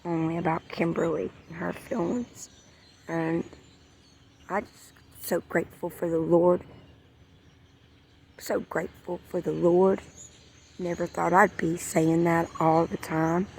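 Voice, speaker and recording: A woman's voice: fairly low pitch, little pitch movement, slow pace, creaky, long pauses, a little hiss or hum. A woman sharing her faith in an earnest vlog, repeating phrases and sometimes dropping to a whisper. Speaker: vlogger.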